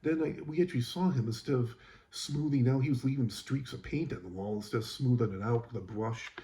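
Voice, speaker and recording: A man's voice: mid-range voice, brisk, mellow. A man who works as a school custodian, casually telling an exasperated, rambling story about a coworker, with lots of fillers.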